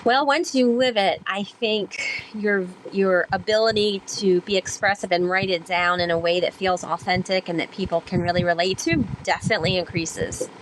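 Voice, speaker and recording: A woman talks as a podcast guest, telling stories in an animated, rambling way with plenty of "um"s and "like"s. Her voice sits at a middle pitch. Faint noise runs quietly behind her. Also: normal speed, few pauses, poor audio. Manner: animated, rambling storytelling with many fillers. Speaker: guest, sailor and author. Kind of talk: conversational storytelling interview.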